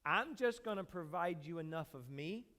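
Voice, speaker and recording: A pastor preaching a sermon, acting out pleading prayers loudly, then dropping low and quiet. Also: male voice, lively intonation, moderate pace.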